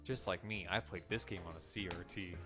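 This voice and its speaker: A man's voice: low-pitched, a little fast, music in the background. A man co-hosting a casual podcast and making laid-back, wry asides. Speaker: podcast co-host. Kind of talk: casual chat.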